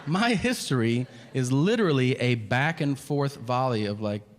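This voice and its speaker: A man doing a stand-up comedy set on a club stage, crude and deadpan in his setups, then shouting the punchlines. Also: medium pitch, unhurried, few pauses. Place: comedy club stage before a live audience. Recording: reverberant venue with audience noise. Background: audience laughter.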